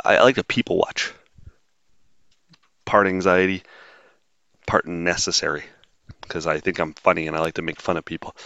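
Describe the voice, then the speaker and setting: A very deep-voiced man hosts a solo podcast, drifting from point to point with dry sarcasm and plenty of ums. The sound is dull and lo-fi, with a dead, dry room around him. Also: fairly bright tone, no room sound. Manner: rambling, wry and sarcastic, frequent filler words. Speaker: podcast host. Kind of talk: casual solo monologue.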